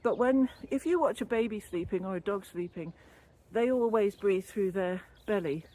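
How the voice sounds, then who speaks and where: A woman's voice: medium pitch, normal speed, dark tone. An older woman chatting casually as she walks outdoors, a little out of breath, rambling and laughing easily about wellbeing. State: out of breath from walking. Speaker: wellbeing vlogger and former yoga teacher trainee. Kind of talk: casual walking vlog talk. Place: outdoors walking along a canal. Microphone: built-in camera or phone mic, no separate microphone.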